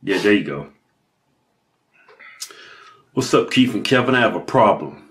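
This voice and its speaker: A man with a Southern American accent co-hosting a comedic show, teasing and profane with loud outbursts. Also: fairly low pitch, animated, unhurried. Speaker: co-host. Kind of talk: comedic banter.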